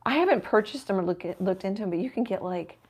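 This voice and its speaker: A middle-aged woman hosting a live painting stream, thinking aloud as she works and often dropping to a soft murmur. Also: medium pitch, expressive, fast talker, husky. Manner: self-deprecating, thinking aloud while working, drops to soft murmurs. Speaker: painting livestream host. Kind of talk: casual live painting chat.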